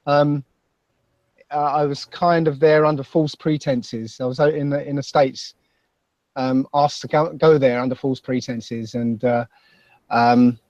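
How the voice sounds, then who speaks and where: Man, Basildon accent, halting self-deprecating talk, slightly high voice, dry dull lo-fi sound. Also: darkish tone, no echo. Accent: Basildon, Essex. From England. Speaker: podcast guest. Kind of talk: casual chat.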